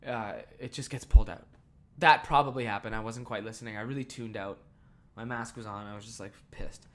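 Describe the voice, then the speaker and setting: A man hosting a casual podcast, venting about work in a profane, fired-up rant. He swings from loud, angry bursts to quiet, muttered asides, and breaks off now and then to laugh at himself. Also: fairly low pitch, steady tone, fairly quick. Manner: profane, heated storytelling with big swings in loudness; self-deprecating, laughs at himself. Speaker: podcast host. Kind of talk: casual ranting monologue.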